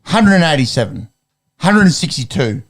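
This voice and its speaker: A young man co-hosting a casual sports podcast, talking in a rambling way with halting restarts. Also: on the high side, very animated. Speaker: podcast co-host.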